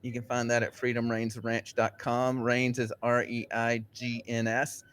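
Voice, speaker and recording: A man's voice: mid-range voice, monotone, a little slow, a bit bright, slight background noise. A man co-hosting a podcast, upbeat and joking, who laughs easily. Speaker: podcast co-host.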